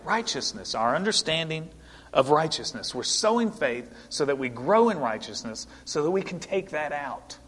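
A man's voice: a little high, sing-song, moderate pace, a bit bright. A male pastor preaching an earnest, emphatic sermon to his congregation in a church. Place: church sanctuary. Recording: long hall reverb.

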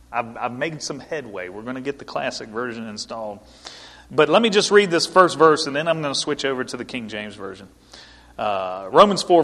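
Guy preaching, pretty high voice, emphatic and earnest, church echo hanging on every word. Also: a bit bright. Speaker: pastor. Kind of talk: sermon. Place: church sanctuary. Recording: long hall reverb.

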